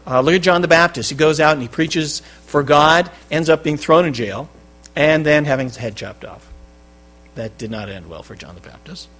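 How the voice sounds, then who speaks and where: A man preaching a sermon as pastor, with loud stressed phrases that drop to quiet endings. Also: on the high side, moderate pace. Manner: emphatic, swinging between loud stresses and quiet drops. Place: church.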